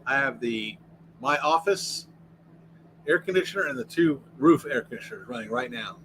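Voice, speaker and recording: A man's voice: medium pitch, animated, moderate pace, sharp tone, a little hiss or hum, rough recording. An American man hosting a casual livestream from inside his RV, rambling and answering the chat as he goes. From United States. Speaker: livestream host.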